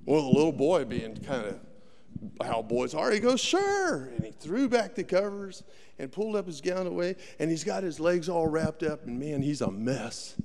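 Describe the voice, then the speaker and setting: A man's voice: on the high side, animated, normal speed, a little mellow. A man telling a story in a sermon, folksy and dramatic, acting out the voices of the people in it. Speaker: preacher. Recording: long hall reverb.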